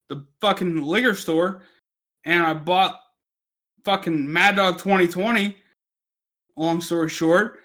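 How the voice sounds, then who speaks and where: A drunk man hosting a podcast, telling a story in a profane rant with loud outbursts. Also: sits high. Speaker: podcast host. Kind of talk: casual drunk chat.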